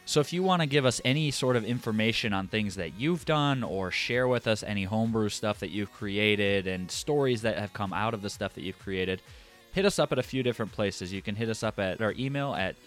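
A man co-hosting a tabletop gaming podcast in casual chat, relaxed and repeating words as he starts sentences. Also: lowish voice, a little fast, faint music behind. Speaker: podcast co-host.

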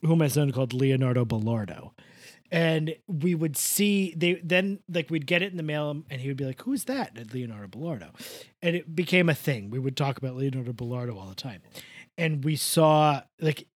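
A woman co-hosting a podcast in casual chat, telling animated stories and acting out the voices of people she quotes. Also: sits low, brisk, dry recording. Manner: animated storyteller, acts out quotes, self-deprecating. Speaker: podcast co-host.

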